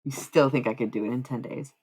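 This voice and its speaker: A woman streaming live, chatting casually and profanely with her viewers, rambling between quiet musing and loud bursts. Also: a bass voice, steady tone, fast talker, breathy edge. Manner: rambling, profane, talks to chat.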